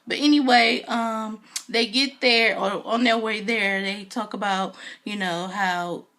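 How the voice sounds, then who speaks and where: A woman's voice: mid-range voice, fairly even intonation, unhurried, a bit bright. A woman recapping a reality show on her video channel, chatty and opinionated, with lots of fillers and asides. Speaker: video reviewer.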